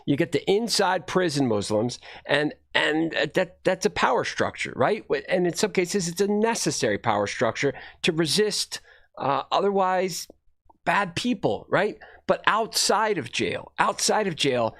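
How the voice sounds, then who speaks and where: A man's voice: fairly high pitch, sing-song, a little slow, fairly bright tone. A man streaming casual commentary on videos he watches, blunt, rambling and profane.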